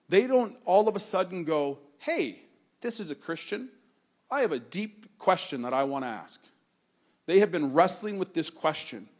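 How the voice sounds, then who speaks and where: Earnest man preaching in a storytelling way. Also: high-pitched. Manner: earnest, conversational storytelling, slows down for emphasis. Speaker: pastor. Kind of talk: sermon-style personal story and exhortation.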